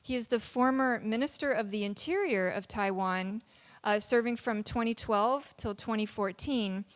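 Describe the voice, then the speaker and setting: A woman's voice: a little high, moderate pace. A woman, a college dean, giving a formal introduction into an amplified microphone in a university lecture hall, chatty with light laughs and fillers.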